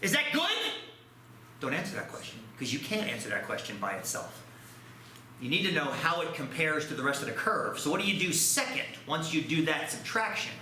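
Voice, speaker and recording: Male math teacher, high and lively, self-mocking humor, booming classroom echo. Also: fairly quick, slight background noise. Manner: joking, self-deprecating. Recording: echoey classroom.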